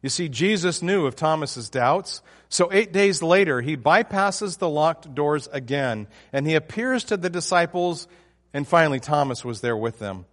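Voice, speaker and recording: A man's voice: fairly high pitch, lively intonation, moderate pace, in a large hall. A man preaching a sermon, emphatic and often restarting his phrases. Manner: emphatic, with frequent restarts and fillers.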